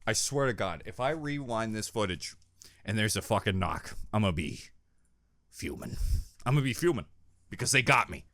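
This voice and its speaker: A young man hosting a reaction video, talking casually with jokes and swearing, and yelping loudly when something startles him. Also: lowish voice, expressive, fairly quick, no room sound, studio quality. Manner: jumpy, loud exclamations when startled; swears freely, jokey.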